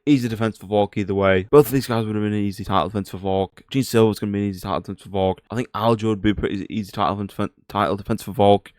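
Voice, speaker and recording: A man's voice: on the low side, fairly even intonation, racing, few pauses, darkish tone, no echo. Man, Northern English accent, young adult, blunt and slangy, casual recap chat, dry close sound. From Northern England. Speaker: MMA commentator.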